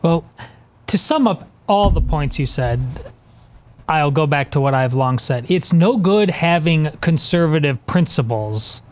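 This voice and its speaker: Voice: mid-range voice, animated, a little hiss or hum. A co-host on a talk radio show who speaks earnestly, stumbling through frequent restarts. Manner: halting, many restarts, earnest.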